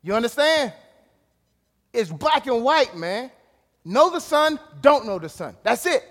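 A man preaching a sermon, casual and direct, dropping to low asides and rising to shouted emphasis. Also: sing-song, unhurried. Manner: casual, calls out to listeners. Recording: long hall reverb.

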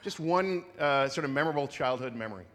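Upbeat, prodding church interviewer. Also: male voice, mid-range voice, animated, quick pace, a bit bright. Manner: upbeat, prodding, playful with the crowd. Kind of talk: onstage interview. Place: church stage before a congregation. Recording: long reverb of a large church hall.

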